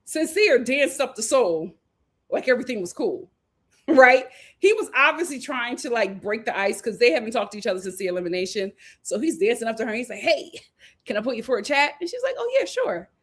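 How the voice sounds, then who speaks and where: A woman's voice: fairly high pitch, very animated, a little fast, husky. A woman in her thirties recapping a reality show in casual chat, laughing and acting out the cast members' lines. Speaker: host of a reality show review stream.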